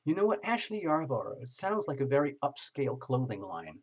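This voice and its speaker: A man's voice: medium pitch, very animated, brisk, breathy edge. A man hosting a live tarot stream, reading viewer comments aloud and joking as he greets people by name.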